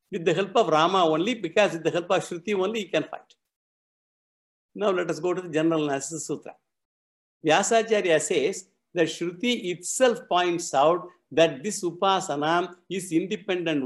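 Man, scripture lecture, a little high-pitched, methodical, repeats key terms. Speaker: scripture teacher.

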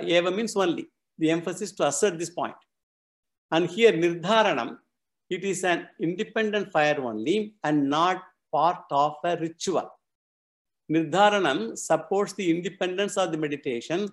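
A man lectures on scripture in a class setting. His voice sits a bit high for a man, and he works through each term slowly and methodically, often repeating and defining it. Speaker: scripture teacher.

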